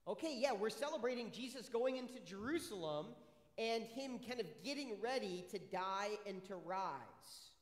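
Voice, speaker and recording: A man's voice: high-pitched, animated, moderate pace. A male pastor giving a friendly children's sermon, asking the kids one question after another in an upbeat way. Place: church sanctuary. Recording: echoey church hall with long reverb.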